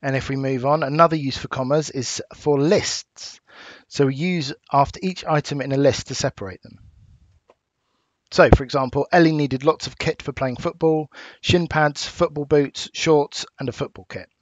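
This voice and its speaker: A man with an English accent, a teacher giving a recorded lesson, explaining patiently and clearly with small fillers. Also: a little high, steady tone, moderate pace, no room sound. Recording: dull dry home recording.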